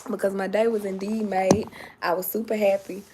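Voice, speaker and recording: A woman hosting a casual livestream, chatty and excitable, greeting viewers by name and repeating herself, a little sleepy. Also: medium pitch, a little fast, noisy background. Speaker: livestream host.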